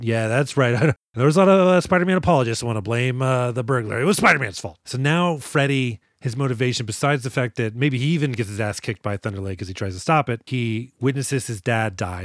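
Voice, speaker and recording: Animated, profane male podcast co-host. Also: medium pitch, fairly quick, hardly any pauses, no room sound, studio quality. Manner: animated, profane, puts on voices for film characters. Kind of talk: casual movie podcast chat.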